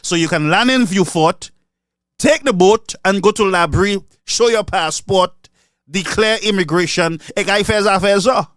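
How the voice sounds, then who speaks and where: A man's voice: high-pitched, a little slow, a bit bright, no echo, clean studio sound. A man with a Saint Lucian accent giving a mocking political commentary monologue, switching between English and Creole. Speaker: online commentator.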